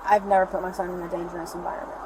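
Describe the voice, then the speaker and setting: A woman's voice: lowish voice, little pitch movement, rapid-fire. Rambling woman on a noisy body cam. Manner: rambling, breathless retelling. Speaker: arrested mother. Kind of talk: recounting events to police. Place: outdoors by a store parking lot. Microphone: police body camera.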